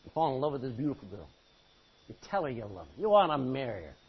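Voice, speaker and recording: A man's voice: mid-range voice, big pitch swings, quick pace, husky. A man preaching a sermon, exhorting the congregation with rhetorical questions, in a muffled lo-fi recording. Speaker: pastor.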